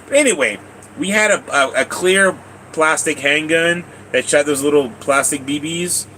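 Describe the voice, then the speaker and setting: Bright-voiced man telling rambling stories. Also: a little high, moderate pace, a little hiss or hum, rough recording. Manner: rambling and repetitive, casual swearing, laughs often. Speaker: live streamer. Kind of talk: casual rambling storytelling to chat.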